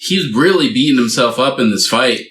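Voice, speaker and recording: A man's voice: mid-range voice, animated, normal speed, a bit bright, reverberant, slight background noise. A man co-hosting a casual podcast chat, rambling loosely with lots of fillers and calling his friend "man.". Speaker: podcast co-host.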